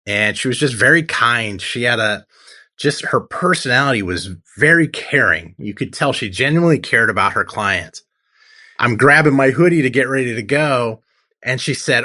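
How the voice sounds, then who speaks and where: Bright-voiced man telling his story. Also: mid-range voice, animated, moderate pace. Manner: earnest storytelling, acts out his own past lines. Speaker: guest, tattoo artist. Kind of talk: personal testimony in an interview.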